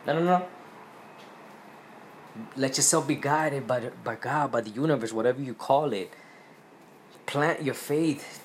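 A man's voice: medium pitch, reverberant, slight background noise. A man hosting a podcast, talking about his spiritual outlook in a rambling, earnest way full of restarts. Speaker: podcast host. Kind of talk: casual spiritual monologue.

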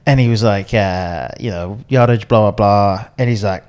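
A man tells stories in a loose, chatty podcast, acting out the people he quotes. His delivery is animated and laughs come easily. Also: on the low side, smooth. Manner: animated storyteller, quick laughs, acts out quotes. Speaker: podcast co-host and caddie. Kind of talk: casual storytelling chat.

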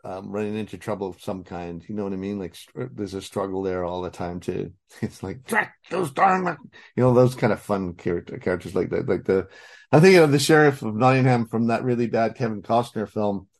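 A man's voice: fairly low pitch, a little fast, darkish tone. This is a man guesting on an interview, speaking casually about his craft. He rambles, circles back with restarts, and breaks into laughter often. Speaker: voice actor guest.

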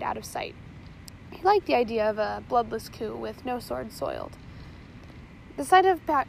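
A woman's voice: on the high side, gravelly, slight background noise, poor audio. Woman reading a storybook aloud. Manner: steady reading with small slips. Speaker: narrator. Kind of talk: audiobook reading.

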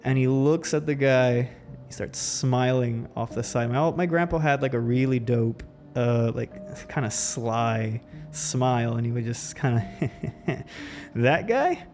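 A man's voice: medium pitch, steady tone, measured pace, a little mellow, soft background music. A man hosting a podcast, telling a personal story in a loose, reflective way, full of restarts. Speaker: podcast host. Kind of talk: casual storytelling.

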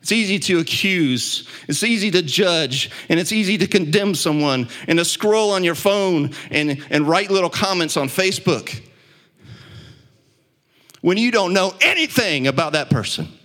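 A male pastor delivers a sermon with real fervor. His voice sits a little high for a man and climbs louder and higher at each peak, then drops low and quiet. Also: expressive, normal speed. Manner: impassioned preaching, swelling louder and higher at peaks.

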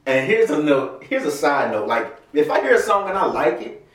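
A man's voice: on the high side, sing-song, moderate pace, a bit bright, far from the mic. A young man chatting casually with friends in a sheepish, laughing, slangy way. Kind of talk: casual chat among friends. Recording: echoey room, off-mic.

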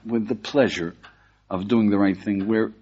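An older American man, a rabbi, giving a lively class and checking in with his listeners with a steady "yeah?". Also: lowish voice, normal speed, slightly rough. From United States. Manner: animated, questioning the audience, frequent "yeah?". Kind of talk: lively Torah class lecture. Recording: dull lo-fi lecture recording.

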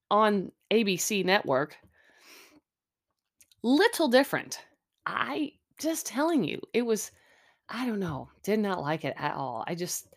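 A middle-aged woman hosting a podcast, chatting casually and sarcastically with lots of fillers and asides. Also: mid-range voice. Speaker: podcast host recapping a reality show. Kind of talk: casual chat. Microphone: close mic, chewing audible.

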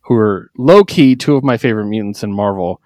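A man co-hosting a casual podcast, recapping comics in an animated way, jumping into quick character voices and laughing often. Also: on the low side, no room sound. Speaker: podcast co-host. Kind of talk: casual comic book chat.

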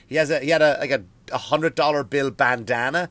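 An Irish comedian and podcast host rips through a story in an animated, profane rant at a fairly quick pace. His voice is a bit higher than most men's. The home recording sounds dry and close.

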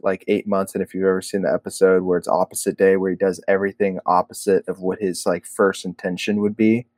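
A man's voice: sits low, level tone, a little fast, a little mellow, no room sound. A man co-hosting a podcast in casual chat, rambling with lots of "like" and "you know.". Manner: rambling, filler-heavy, full of "like" and "you know". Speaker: podcast co-host.

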